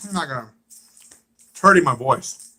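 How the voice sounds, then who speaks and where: A man casually chatting on a livestream, easygoing and often soft-spoken. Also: medium pitch, expressive, normal speed.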